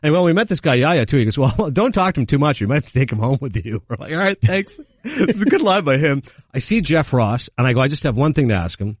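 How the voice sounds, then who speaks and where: A man in casual chat, telling quick, animated anecdotes and acting out the quotes. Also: medium pitch, dry recording. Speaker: guest.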